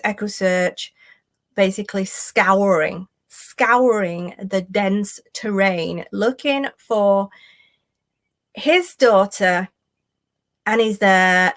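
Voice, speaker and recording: A woman hosting a true crime live stream, reading messages aloud with sarcastic, exasperated asides. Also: medium pitch. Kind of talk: casual live stream commentary.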